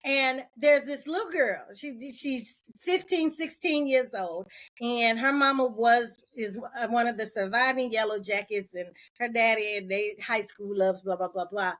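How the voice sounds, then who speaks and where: A woman with a slightly high voice talks as a podcast guest in open, candid conversation. She is animated and laughs often, switching into the voices of the people she quotes. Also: measured pace.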